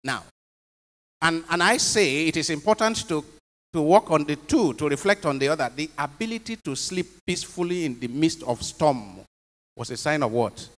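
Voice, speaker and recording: A man's voice: on the high side, lively intonation, normal speed, a bit bright. A man, a priest, giving an emphatic homily and putting questions to his congregation. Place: chapel. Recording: long chapel reverb.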